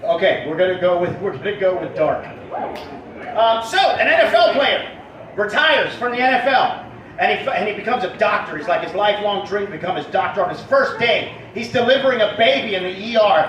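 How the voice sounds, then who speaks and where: A man hosting a comedy show outdoors, telling jokes to a live audience in a loud, brash, punchy way. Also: sits high, lively intonation, brisk. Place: outdoor festival stage. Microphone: distant camera mic. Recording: distant, echoey, noisy outdoor recording.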